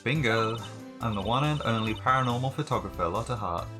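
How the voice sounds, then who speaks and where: A man putting on a brassy Southern woman photographer who barrels in loud and folksy, always pushing everyone to hurry. She talks in a twangy drawl with bright, eager energy, with game music playing behind her. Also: medium pitch, fairly quick, close to an everyday voice. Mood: cheery. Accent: Southern US, put on. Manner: folksy, pushy, excitable.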